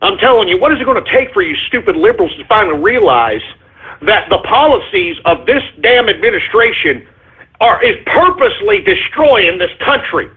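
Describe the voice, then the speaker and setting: A man's voice: high voice, very animated, moderate pace, slightly rough. A man hosting a talk radio show, delivering an angry, profane political rant. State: furious. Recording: tinny phone-like lo-fi radio audio.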